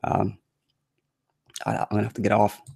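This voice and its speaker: A man hosting a casual crypto trading live stream, chatty and full of fillers, his voice going hoarse. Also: lowish voice, completely flat delivery, moderate pace, darkish tone. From United States. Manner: chatty, many fillers, reads announcements aloud with annoyance. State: losing his voice. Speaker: crypto trading livestream host.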